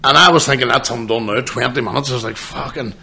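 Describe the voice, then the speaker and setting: A man's voice: medium pitch, quick pace, creaky, pushed and bright, husky. A man, hosting a podcast and telling rambling, swearing stories between bursts of laughter. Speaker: podcast host. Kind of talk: casual chat.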